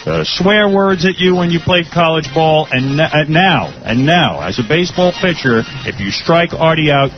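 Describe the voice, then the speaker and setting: Teasing male radio host. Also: on the high side. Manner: teasing, interrogating guests rapid-fire. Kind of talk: live radio banter. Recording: muffled radio broadcast with noise.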